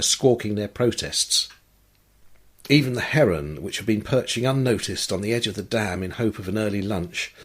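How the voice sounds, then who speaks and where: A man narrating an audiobook story in a calm, measured manner. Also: fairly low pitch, breathy edge. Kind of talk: scripted narration.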